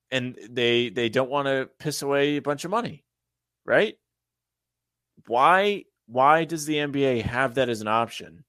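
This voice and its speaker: A man co-hosting a casual sports podcast, animated and emphatic, often repeating himself. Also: mid-range voice, no room sound, clean studio sound. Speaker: podcast co-host.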